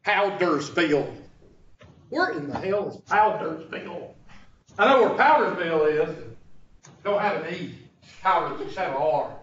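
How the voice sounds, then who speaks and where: A man from Upstate South Carolina, USA, with a Southern accent, teaches fractions informally in a folksy, teasing style, tossing joking asides to his audience. His high voice has lively intonation, a measured pace, frequent pauses, and a fairly bright tone. The math teacher was captured from a distance in an echoey room, with dull lo-fi sound and faint noise.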